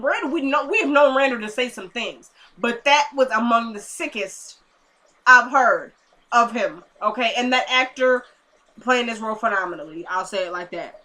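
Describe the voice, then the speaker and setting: A young woman chatting through a recap of a TV episode, talking straight to her viewers. Her voice sits a little high, with a bright, forceful edge. She talks in an animated, casual way. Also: moderate pace. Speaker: TV episode reviewer. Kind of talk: casual chat.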